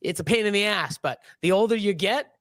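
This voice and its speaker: A man in his fifties hosts a casual chat in a slightly high voice. His talk rambles and swears, with frequent laughs. The sound is close and dry. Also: brisk, a bit bright, dry recording. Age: 50s. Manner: rambling, profane, laughs often. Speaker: livestream host.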